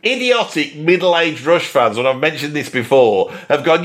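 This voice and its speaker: Sarcastic man with a lively voice. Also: fairly high pitch, brisk, few pauses. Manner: sarcastic, exasperated. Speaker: musician and video host. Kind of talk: ranting music commentary.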